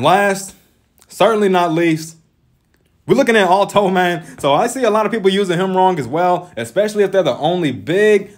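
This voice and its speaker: A man giving casual game tips as a voice-over, talking with constant "man" fillers in an exasperated, lecturing way. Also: high voice. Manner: animated, frequent "man", lecturing. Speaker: gaming YouTuber.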